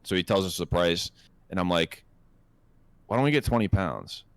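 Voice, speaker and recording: A man co-hosting a podcast, telling a profane, animated anecdote in a casual chat. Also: sits low, moderate pace, clear, resonant tone, dry recording. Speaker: podcast co-host.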